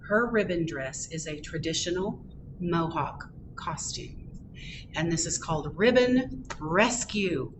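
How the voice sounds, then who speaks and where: A woman reading a picture book aloud at a library storytime, with expressive storytelling. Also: lowish voice, slow pace, background noise. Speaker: storytime reader. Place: public library.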